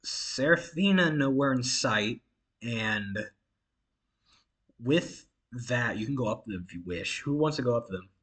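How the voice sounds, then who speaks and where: A man's voice: medium pitch, expressive, measured pace, a bit bright, breathy edge. A man narrating a tabletop game as game master, casual and giggly with many fillers.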